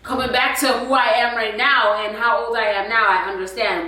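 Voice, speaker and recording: A young woman telling a story in a casual, animated way, full of slang and swearing. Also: fairly high pitch, moderate pace, hardly any pauses. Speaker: vlogger. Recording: echoey room, a bit far from the mic.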